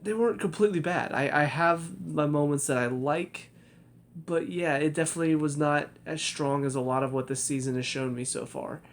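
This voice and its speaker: A man's voice: a little high, moderate pace. A young man giving a casual spoken review of a TV episode, hesitant, with many fillers and restarts. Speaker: TV review vlogger.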